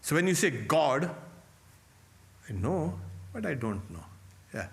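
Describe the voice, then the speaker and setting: A man, a monk, giving a lecture on scripture in slow, deliberate phrases with long pauses, asking rhetorical questions and answering them himself. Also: fairly high pitch, sing-song, creaky, fairly bright tone. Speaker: monk teaching scripture class.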